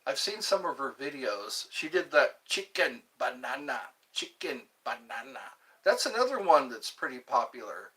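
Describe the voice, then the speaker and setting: Playful, lively male livestream host. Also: mid-range voice, normal speed. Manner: playful, chatty, reads viewer comments aloud. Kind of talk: casual live chat.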